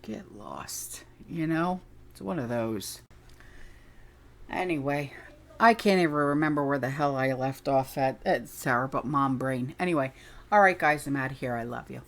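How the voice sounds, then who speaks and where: Speaking at a normal speed in a very deep voice, this middle-aged channel host launches into a meandering, aggrieved monologue. She keeps drifting off topic as the casual rant goes on.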